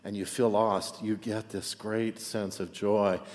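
A man's voice: fairly low pitch, slow, in a large hall. A man preaching a sermon in a chatty way, often checking in with the congregation with "right?". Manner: conversational, frequent "right?" asides, animated. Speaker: pastor.

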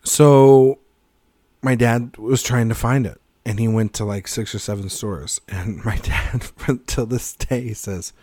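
A man's voice: mid-range voice, steady tone, takes it slowly, dark tone, no room sound. Dry, close-miked man joking around. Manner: rambling, jokey, swears freely, laughs mid-sentence. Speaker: podcast co-host. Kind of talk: casual film podcast chat.

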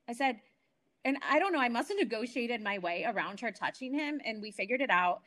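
A woman in her forties tells a story from her own life as a guest, speaking from home over a remote call. Her voice is a little high for a woman. She is animated and keeps restarting her sentences. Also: normal speed. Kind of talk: emotional personal testimony.

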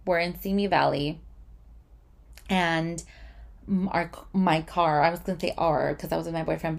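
A woman's voice: lowish voice, gravelly. A young woman in casual storytime talk, chatty and full of swearing and "like". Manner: chatty, swears a lot, uses "like" often. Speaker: vlogger.

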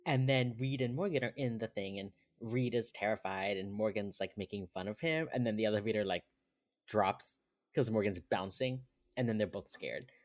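A man's voice: lowish voice, moderate pace. A man co-hosting a podcast in casual chat, recapping an episode in a laid-back way and often chuckling. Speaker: podcast co-host.

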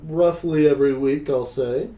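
Male podcast co-host, laid-back and mocking, slightly high pitch. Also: moderate pace, a crowd in the background. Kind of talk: casual chat.

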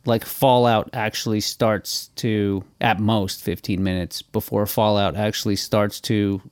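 A man's voice: lowish voice, level tone, measured pace, smooth, no room sound, studio quality. A man co-hosting a podcast in casual chat, rambling, laughing often and swearing freely. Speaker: podcast co-host.

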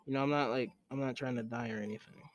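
A young man giving casual gameplay commentary, chatty and excitable, who scolds the game character in sudden yelps. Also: medium pitch, fast talker, no room sound, highs cut off. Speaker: let's play gamer.

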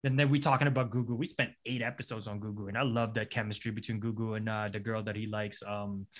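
A man's voice: lowish voice, little pitch movement, fast talker. A man in casual chat who acts out scenes with quoted voices and laughs often.

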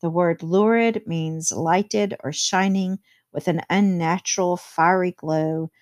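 A woman's voice: fairly low pitch, steady tone, slow, a little mellow. A woman teacher explaining a novel chapter to her students, reading quotes aloud and adding plain commentary.

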